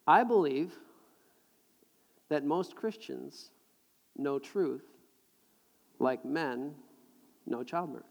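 A middle-aged man preaching a sermon to a live congregation, animated and jokey, repeating words as he builds a point. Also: on the high side, very slow, gravelly, pauses often. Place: large hall with audience. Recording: long hall reverb.

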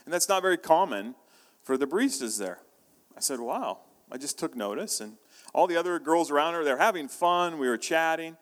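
A man's voice: fairly high pitch, lively intonation, brisk. Man preaching in a reverberant hall. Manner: storytelling, conversational with frequent restarts. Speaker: pastor. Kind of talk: sermon. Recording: long reverb of a large hall.

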